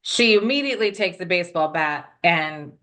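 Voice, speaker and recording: Casual movie chat, animated woman with a bright voice who acts out scenes. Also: on the low side, moderate pace. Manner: animated, acts out characters in quotes.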